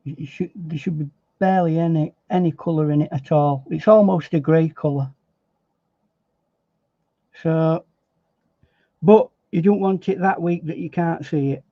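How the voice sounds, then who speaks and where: A man's voice: fairly high pitch, unhurried, pauses often, dry recording. Chatty man teaching painting. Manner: chatty, thinking aloud with fillers and repeats. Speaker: painting instructor. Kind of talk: relaxed painting demonstration. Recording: dry, slightly dull recording.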